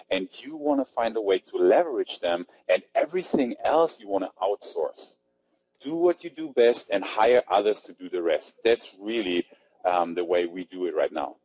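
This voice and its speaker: A man's voice: fairly low pitch, sing-song, normal speed, darkish tone, no echo, rough recording. A man with a German accent hosting an online marketing webinar, chatty and upbeat, reading out attendees' names from the chat. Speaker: webinar host. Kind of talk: casual webinar talk. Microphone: computer mic on webinar.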